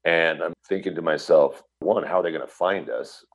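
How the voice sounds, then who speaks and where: A man's voice: low-pitched, normal speed. A middle-aged man earnestly recounting a personal story in conversation, acting out what people said. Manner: earnest, vivid retelling full of quoted dialogue. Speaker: guest telling a personal story. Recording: dull lo-fi recording.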